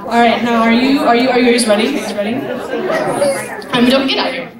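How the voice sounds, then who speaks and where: A woman hosting a lively convention panel contest, prompting contestants in an upbeat way. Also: a little high, a little fast, far from the mic. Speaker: panel host running a contest. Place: large convention hall. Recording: echoey hall mic, loud crowd.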